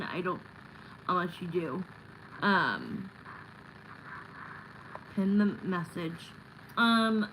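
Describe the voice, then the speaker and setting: A woman's voice: mid-range voice, a bit bright, a little hiss or hum, rough recording. A woman hosting a tarot livestream, chatting casually and rambling with lots of fillers, recorded on a phone. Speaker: tarot reader livestream host.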